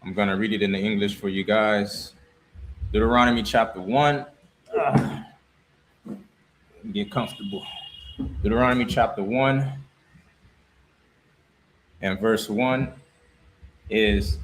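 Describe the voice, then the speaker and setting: A man teaching scripture, reading verses slowly and pausing to explain and repeat words. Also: lowish voice, slight background noise, low-quality recording. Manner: slow, deliberate reading with pauses and repeated words. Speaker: religious teacher.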